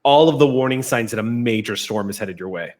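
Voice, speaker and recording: A man at a middle pitch runs a tabletop game as its game master. He narrates the scene in a relaxed, descriptive way and stops to explain the rules. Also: brisk, slight background noise.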